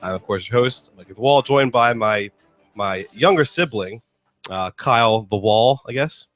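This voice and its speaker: A man's voice: on the low side, animated, a little slow, fairly bright tone, faint music behind. A man hosting a casual sports talk show, rambling and joking with lots of fillers. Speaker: host.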